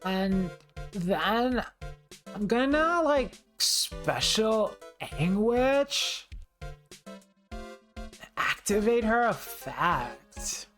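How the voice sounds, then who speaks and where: A woman imitating a spaced-out young woman friend, talking in a slow, dreamy, drawn-out way. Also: mid-range voice, very animated, faint music behind.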